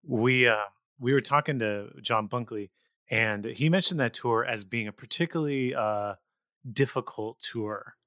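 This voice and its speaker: A man's voice: mid-range voice, unhurried, bright, forceful tone, no room sound. A man hosting a music podcast, putting questions to his guests in an easy, conversational way. His voice sits in a middle range, and the sound is dry and close with no room around it. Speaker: podcast host. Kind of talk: interview questions.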